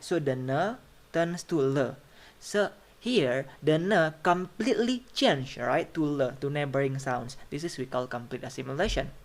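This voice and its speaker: A phonetics lecturer giving a recorded online lecture over slides, repeating each example and checking in with "okay" and "right?". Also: medium pitch.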